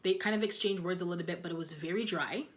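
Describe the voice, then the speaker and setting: A woman's voice: lowish voice, fast. A young woman casually reviewing TV episodes, talking loosely with lots of "like" and "you know". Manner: chatty, loose, heavy on fillers like "like" and "you know". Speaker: TV show reviewer.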